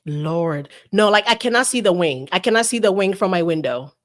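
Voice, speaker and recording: A woman's voice: fairly low pitch, animated, a little fast. Teasing woman guest in her thirties. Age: 30s. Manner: playful, teasing, diva-like joking. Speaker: podcast guest. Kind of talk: casual chat.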